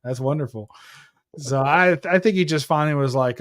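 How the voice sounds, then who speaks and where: A man's voice: on the high side, moderate pace. A man hosting a casual chat, telling a heated, profane story and acting out the quotes. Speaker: host.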